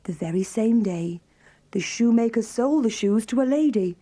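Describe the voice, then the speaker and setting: Mellow woman reading a fairy tale. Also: a little high, lively intonation, normal speed. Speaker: storyteller. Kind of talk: scripted children's story narration.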